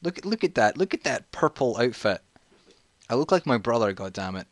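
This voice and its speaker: A man's voice: medium pitch, very animated, moderate pace, no echo. A man, telling a jokey, rambling story in a casual vlog while playing a video game and getting sidetracked. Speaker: vlogger.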